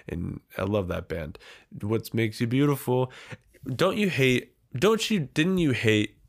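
A man's voice: mid-range voice, animated, a little slow, gravelly. A man hosting his solo podcast, slightly out of breath from a big meal, rambling and self-deprecating with frequent restarts. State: out of breath after overeating. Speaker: podcast host. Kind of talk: casual solo podcast monologue.

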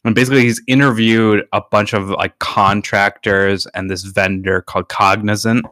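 A man's voice: lowish voice, steady tone, normal speed, sharp tone, dry recording, studio quality. A man co-hosting a podcast, chatting casually and rambling with lots of filler words. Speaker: podcast co-host. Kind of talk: casual chat.

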